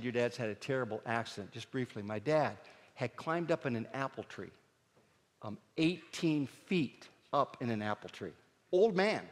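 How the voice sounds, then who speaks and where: A middle-aged man from Pennsylvania telling comic stories on stage, jumping up high and loud when he acts out his dad. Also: big-room sound. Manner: animated, shouts his dad's lines in a high voice. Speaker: stand-up comedian. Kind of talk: storytelling stand-up comedy.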